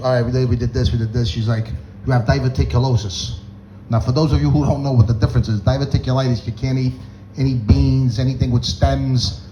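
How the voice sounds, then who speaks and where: A man's voice: medium pitch, dark tone, highs cut off, a little hiss or hum. A man doing stand-up, groggy from medication, telling rambling, profane stories and laughing at his own jokes. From Boston North End. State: groggy on antihistamine. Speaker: stand-up comedian. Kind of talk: stand-up storytelling.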